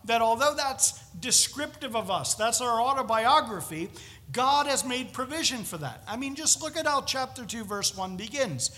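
A man preaching a sermon in a chapel, conversational and animated, with jokey asides. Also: very high voice, normal speed. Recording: long reverb of a large chapel.

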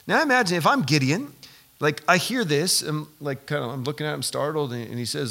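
A man preaching a sermon as pastor, animated and building to loud, emphatic peaks. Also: on the high side, fairly quick, vocal fry. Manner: repeats himself when excited.

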